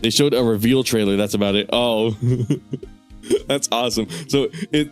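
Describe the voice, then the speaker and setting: A man's voice: mid-range voice, steady tone, slow, soft background music. A man streaming a game, rambling casually, swearing and laughing often. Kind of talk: casual gaming stream commentary.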